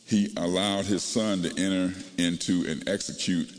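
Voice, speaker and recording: Male pastor, lower voice, preaching call-and-response in a church, hall reverb. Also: flat delivery, normal speed. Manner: call-and-response preaching, rising to singing and shouting. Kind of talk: sermon. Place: church sanctuary. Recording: long reverb of a large hall.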